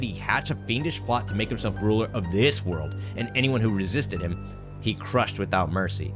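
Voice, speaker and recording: A man with a low-pitched voice reads a game's story aloud on stream, earnest and expressive. Game music plays clearly behind his voice. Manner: earnest, expressive reading with brief surprised asides. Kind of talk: dramatic reading of game story text.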